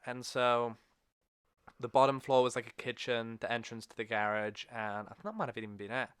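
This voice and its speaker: A man's voice: mid-range voice, a little fast, a bit bright, smooth, no room sound, clean studio sound. A man hosting a podcast, telling a long story in a rambling, self-correcting way. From England. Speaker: podcast host. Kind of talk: casual chat.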